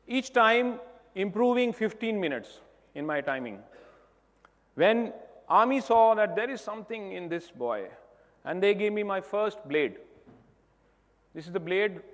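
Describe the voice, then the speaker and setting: A man from India with an Indian accent, giving a motivational stage talk, telling his story emphatically, swinging between loud passages and soft ones. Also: a little high. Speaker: keynote speaker. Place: large hall on stage. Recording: long reverb of a large hall.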